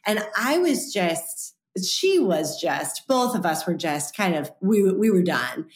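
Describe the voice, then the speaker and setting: A woman's voice: lowish voice, takes it slowly, a little hiss or hum. A woman in her thirties, an author and guest, telling a story in an interview and acting out the quoted voices. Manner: animated, acts out quoted voices. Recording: roomy echo.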